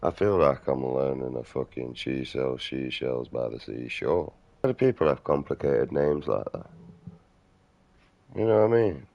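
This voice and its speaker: A man's voice: a bass voice, expressive, unhurried, vocal fry, lo-fi sound. A middle-aged man, rambling crudely and outspokenly in a casual vlog monologue. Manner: crude, outspoken, mumbling asides. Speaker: vlogger.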